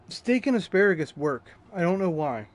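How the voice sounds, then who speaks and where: A man's voice: sits high, big pitch swings, moderate pace, slight background noise. A young man streaming a game, rambling candidly and swearing freely as he tells stories. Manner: rambling, profane, candid storytelling. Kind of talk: live gameplay commentary. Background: loud game music.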